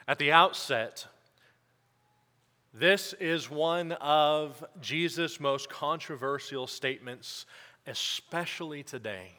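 A male pastor giving church announcements and then a sermon, halting with fillers at first and then preaching emphatically. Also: medium pitch, pushed and bright. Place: church sanctuary. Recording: long church reverb.

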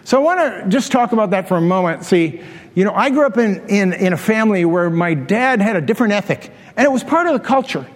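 High-voiced pastor preaching in a hall. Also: male voice, lively intonation, fast. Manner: storytelling, humorous asides, laughs at own jokes. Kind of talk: sermon. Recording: long hall reverb.

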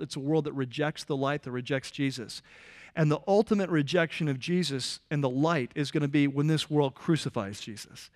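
A man preaches from the front of a church, his voice sitting a little high for a man. He talks to the room in a relaxed, conversational way, stopping to restart a phrase or throw a quick remark at someone in the front row. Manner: conversational and animated, with restarts and asides to the congregation. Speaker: pastor. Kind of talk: sermon.

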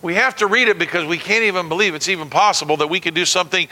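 A man preaching a sermon, animated and calling on the congregation to repeat words back to him. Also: high-pitched, very fast. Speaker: pastor. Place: church sanctuary. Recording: long reverb of a large hall.

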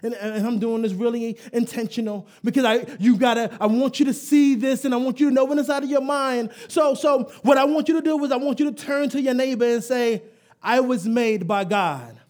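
A male preacher with a strikingly high voice gives a live sermon, emphatic and rising into shouts as he leads the congregation in call and response, with playful asides. His tone stays steady, and he speaks fairly quickly with hardly any pauses.

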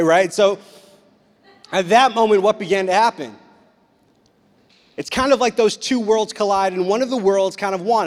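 A young youth pastor with a voice that sits high preaches a casual youth sermon in a church sanctuary, chatty and animated, acting out voices. The sound has the long reverb of a hall.

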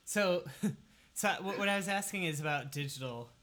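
A man's voice: a little high, animated, normal speed, sharp tone. Hesitant young man asking questions. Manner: hesitant, full of fillers, asks questions. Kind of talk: casual chat.

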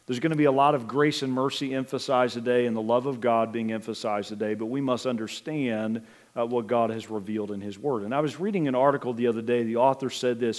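A middle-aged man preaching a sermon as pastor, in an earnest, measured way with some hesitant fillers. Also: mid-range voice, fairly even intonation.

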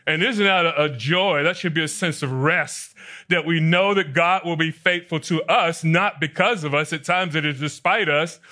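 A pastor delivers a sermon, putting questions to his congregation and reading scripture aloud. His voice sits a little high, with a bright, forceful tone.

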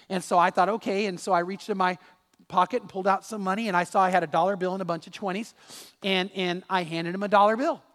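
A man's voice: sits high, fairly even intonation, quick pace, fairly bright tone, long reverb tail. A man preaching a sermon as pastor, telling a personal story with restarts and repeated words.

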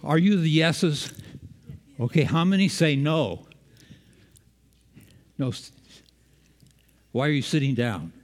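A man's voice: on the high side, expressive, slow pace, pauses often, big-room sound. A man preaching a sermon, engaging the congregation with questions.

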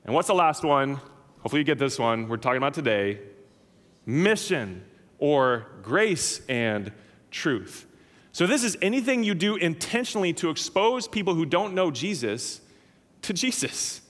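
A man preaching a sermon as pastor, emphatic and animated, with big swings in pitch and loudness. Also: moderate pace, big-room sound.

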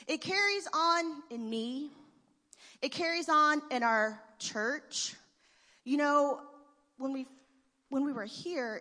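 High and bright, a woman's voice echoes through a church hall as she delivers a heartfelt tribute. This church member is emotional in her testimonial, laughing between lines, with long reverb from the sanctuary.

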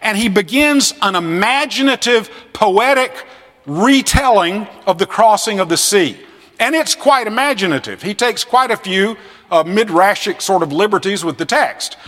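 A man giving a classroom lecture on scripture, animated and fond of acting out the voices he quotes. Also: high voice, moderate pace, big-room sound. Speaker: seminary lecturer.

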